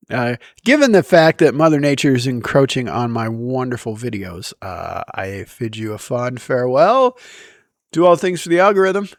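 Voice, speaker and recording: A man telling embarrassing stories to camera in a casual, self-deprecating way, with lively bursts when he quotes himself. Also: mid-range voice, no echo, studio quality. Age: adult. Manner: animated, self-deprecating, with bursts of loud quoting. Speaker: vlogger. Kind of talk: casual storytime monologue. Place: outdoors in daylight.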